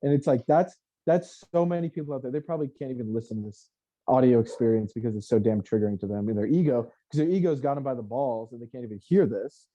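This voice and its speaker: Brief: man, warm mellow tone, swearing, animated pep-talk chat. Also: medium pitch, fast talker, lo-fi sound. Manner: profane, animated, self-help pep talk. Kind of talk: casual motivational chat.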